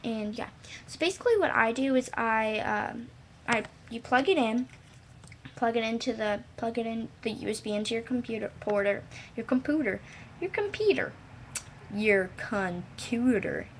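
A woman's voice: on the high side, moderate pace, slight background noise. A woman casually walking through a computer how-to at home, scattered and silly, drifting off-topic. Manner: scattered and silly, trails off into playful sounds. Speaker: vlogger showing a how-to. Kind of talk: rambling home tutorial. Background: dogs nearby.

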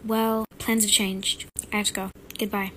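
A woman voicing a cold, dismissive husband in a toy-app role-play, speaking in a curt, flat way. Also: mid-range voice, moderate pace, slight background noise, lightly acted.

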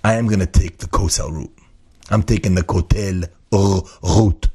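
A brash, boastful bus driver, as a man puts him on in a low, husky voice. He sounds rough-edged and pleased with himself. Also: normal speed, mellow. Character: cheerful, brash male city bus driver.

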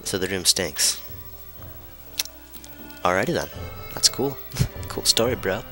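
A man giving casual let's play commentary from a room at home, joking, swearing freely and talking somewhat hushed. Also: sits low, animated, slow pace, faint music behind. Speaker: gamer.

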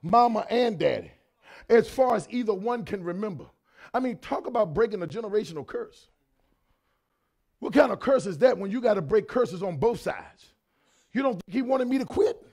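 A pastor in his fifties preaching a sermon, swinging between shouted lines and quieter talk, with lots of repetition. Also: high voice, lively intonation, normal speed, gravelly. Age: 50s.

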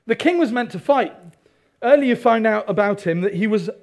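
Male preacher, high voice, animated sermon delivery with congregation asides. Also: fairly quick. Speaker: pastor.

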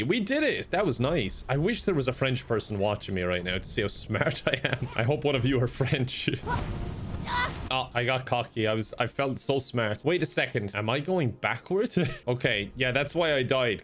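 A man's voice: a little high, animated, moderate pace, slight background noise. A young Irish man giving self-deprecating, comedic commentary while playing a game at his home desk, laughing often. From Ireland. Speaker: gaming YouTuber.

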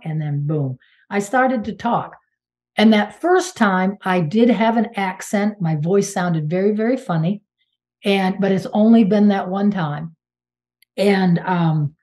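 A woman in her sixties from Maine talks through a casual interview, her voice warm and mellow. She tells her story in an animated, emphatic way, with exclamations and quick restarts, pitched in a middle range for a woman. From Maine, United States. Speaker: guest medium and channeler.

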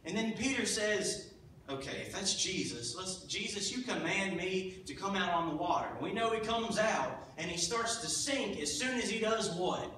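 A high, bright male voice delivers a sermon and brings the stories to life with acted-out lines. The sound is very echoey and distant, as if taken from the back of a church, with faint noise underneath. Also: normal speed. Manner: animated storytelling, acting out voices. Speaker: preacher. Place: church sanctuary. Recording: echoey hall, mic at a distance.

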